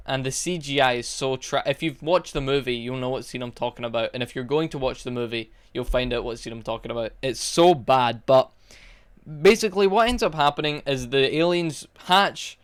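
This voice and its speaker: A man's voice: medium pitch, clear, resonant tone. A young man casually reviewing a movie, exasperated and mocking, rambling with fillers.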